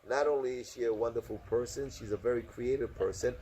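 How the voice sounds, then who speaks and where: A man from Romania interviewing a guest in casual chat, talking with many fillers and pauses. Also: medium pitch, fairly even intonation, mellow. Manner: chatty, hesitant, with many fillers. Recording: noisy background.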